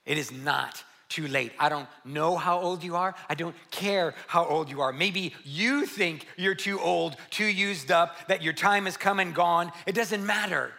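A man preaching a sermon to a church congregation, lively and conversational, with rhetorical questions and repeated phrases. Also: high-pitched, unhurried, creaky, hardly any pauses. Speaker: pastor.

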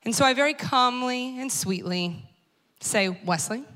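A woman's voice: sits high, a little slow, pushed and bright, clear, resonant tone. A woman in her thirties giving a personal storytelling talk, conversational and wry, speaking straight to the audience. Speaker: speaker at a church talk series.

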